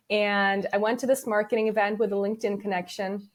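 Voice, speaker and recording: A woman's voice: medium pitch, quick pace. A young adult woman, a business founder guest in an interview, telling stories casually and acting out the dialogue she quotes. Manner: lively storyteller who acts out quoted dialogue.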